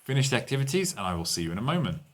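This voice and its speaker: A man's voice: medium pitch, sing-song, rapid-fire. A man teaching an online English lesson, walking learners through exercises and translating lines into Spanish.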